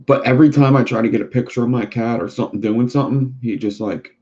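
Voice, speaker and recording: A man's voice: mid-range voice, fast, hardly any pauses, darkish tone. A man hosting a casual livestream chat who rambles and swears freely. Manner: profane, rambling. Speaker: livestream host. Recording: dull lo-fi sound.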